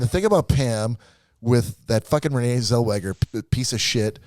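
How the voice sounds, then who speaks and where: A man's voice: medium pitch, moderate pace, darkish tone, no room sound. A man co-hosting a podcast, ranting and laughing through a profane movie review in casual chat. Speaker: podcast co-host.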